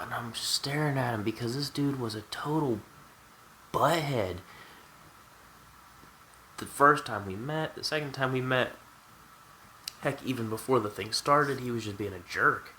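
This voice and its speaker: Bright-voiced man telling a candid story. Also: mid-range voice, measured pace, long pauses, slight background noise, poor audio. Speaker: vlogger. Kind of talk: storytime vlog.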